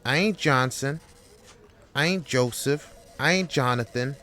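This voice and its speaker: A man's voice: medium pitch, lively intonation, normal speed, pitched above the performer's own voice, natural voice. Man playing a worn-out office worker, pleading then defiant, casual street talk. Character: overworked male office clerk pushed to anger.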